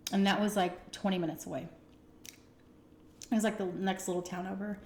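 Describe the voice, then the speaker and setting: A young woman vlogger casually telling a personal story while eating, animated and swearing freely. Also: mid-range voice, fairly quick, reverberant, a little hiss or hum. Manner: animated, conversational, acts out quotes, swears freely.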